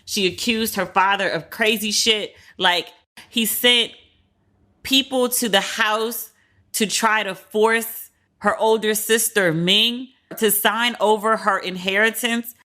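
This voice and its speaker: Bright-voiced woman dishing candid gossip. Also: medium pitch, steady tone, slow pace. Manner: candid and profane, heavy use of "like"; retells others' words in quoted asides. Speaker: podcast host. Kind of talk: casual pop-culture commentary.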